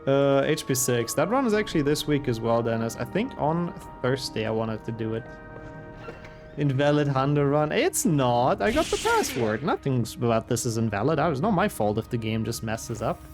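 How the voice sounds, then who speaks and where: A man's voice: medium pitch, sing-song, moderate pace, soft background music. A man streaming a game, chatting and joking with viewers. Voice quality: chatty, joking, laughs often. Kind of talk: casual gameplay commentary.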